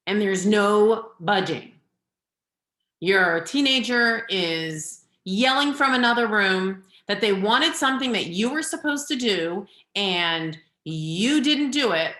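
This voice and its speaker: A woman's voice: mid-range voice, pushed and bright. A middle-aged woman, a parenting coach, giving earnest, direct advice in a webinar over a video call. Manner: earnest, advising, gives direct instructions. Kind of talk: webinar talk. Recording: echoey room.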